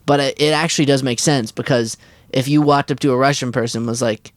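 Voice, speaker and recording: A man's voice: mid-range voice, steady tone, fast talker, no echo. A man co-hosting a podcast in casual comedic chat, often stammering and trying out silly accents. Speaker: podcast co-host.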